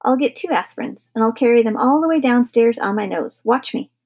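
A woman's voice: fairly high pitch, fairly quick, a little mellow, breathy edge, voice pushed up. A woman doing an eager show-off boy. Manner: cheerful, eager, pestering. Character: boisterous show-off boy of ten.

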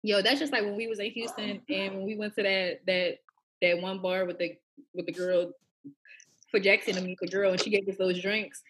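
With a medium pitch, steady tone and moderate pace, a woman co-hosts a podcast and tells stories in slangy, casual banter. She is loud and laughs often.

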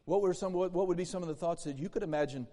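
A man's voice: high voice, rapid-fire, dark tone. A man preaching a sermon in a church, emphatic and repetitive, acting out bursts of laughter. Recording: long hall reverb in a church.

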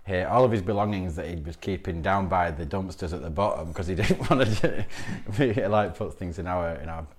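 A man with a very deep voice tells stories as a podcast guest. He rambles, breaks off mid-sentence and laughs often, in a relaxed, chatty way. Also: brisk, hardly any pauses. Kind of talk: casual interview storytelling.

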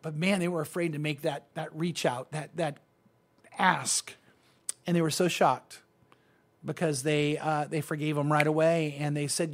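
A man with a high-pitched voice preaches to his congregation. He talks earnestly and with emphasis, and he often stumbles and restarts mid-sentence with fillers. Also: little pitch movement, normal speed. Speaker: pastor. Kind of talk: sermon.

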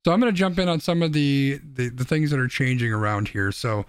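A man's voice: mid-range voice, brisk, clean tone, no room sound, clean studio sound. A man co-hosting a casual podcast, telling a joke in a rambling way with restarts. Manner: rambling, restarts, laughs at own jokes. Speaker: podcast co-host.

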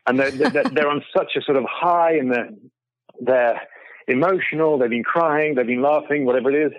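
A middle-aged man telling lively stories as a guest over a remote call, laughing often and restarting his sentences. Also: mid-range voice, normal speed, no room sound, highs cut off. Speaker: guest photographer. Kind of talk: casual storytelling in an interview.

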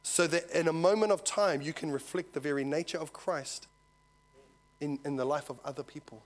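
A man preaching a sermon, telling a story and swinging from loud to hushed. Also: a little high, moderate pace. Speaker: visiting preacher.

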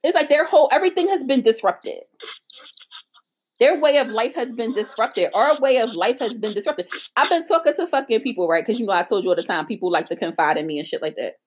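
A woman co-hosting a podcast, chatting casually in a profane, animated storytelling manner. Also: a little high, fast talker, breathy edge. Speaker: podcast co-host. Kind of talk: casual chat.

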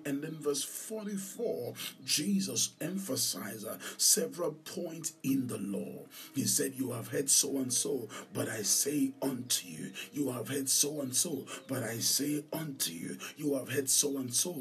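A man's voice: medium pitch, creaky, recorded from a distance. A man preaching a sermon, emphatic and repeating key phrases for stress.

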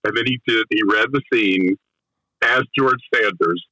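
A man's voice: fairly low pitch, unhurried, pushed and bright, no room sound, low-quality recording. A man, a film director, eagerly recounting production stories in an interview, often restarting his sentences. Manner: enthusiastic storyteller with frequent restarts. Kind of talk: conversational interview anecdote.

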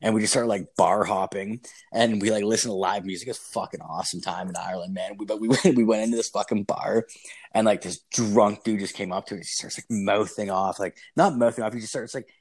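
A young man with a husky, somewhat low voice tells a long, loose story in casual podcast chat. He swears constantly and leans on "like" between every few words. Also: steady tone, a little fast. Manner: rambling, profane, constant "like" fillers.

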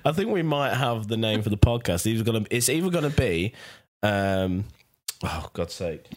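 A man's voice: lowish voice, expressive, normal speed. A man co-hosting a podcast in sweary, bantering casual chat. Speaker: podcast co-host.

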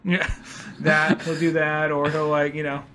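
A man's voice: a little high, completely flat delivery, a little slow, background noise. A young man co-hosting a podcast, joking and laughing through casual banter. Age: young adult. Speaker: podcast co-host. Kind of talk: casual chat.

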